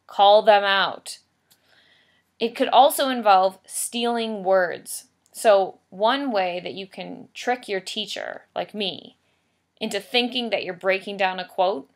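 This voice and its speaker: A woman teacher walks through a recorded writing lesson, explaining each step patiently and hammering home key points by repeating them. Her voice sits at a middle pitch with a gravelly fry at the edges. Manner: patient, explanatory, emphatic repetition.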